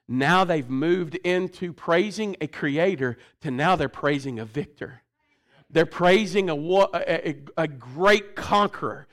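A man preaching a sermon, dropping to quiet asides and rising to shouts. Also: sits high, lively intonation, a little slow. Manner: swings between hushed and shouting. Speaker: pastor.

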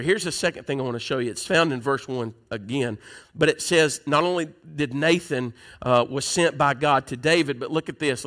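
Bright-voiced man preaching a folksy sermon. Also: fairly high pitch. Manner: folksy, conversational, asks the crowd questions.

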